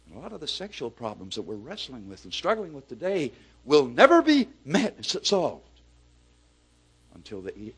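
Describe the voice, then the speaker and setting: A middle-aged man preaching a sermon, swinging from hushed, low phrases up to loud, emphatic peaks.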